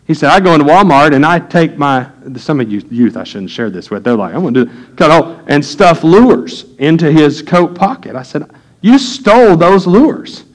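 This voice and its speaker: Man, middle-aged, pastor, sermon in church, folksy storytelling, slightly high pitch. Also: a little fast, hardly any pauses, low-quality recording. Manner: folksy storytelling, animated when quoting.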